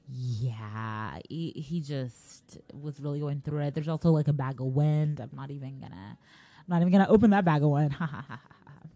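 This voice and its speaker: A woman's voice: low voice, mellow, no room sound, muffled recording. A young woman casually retelling a story in a rambling, slangy way, full of fillers and laughs.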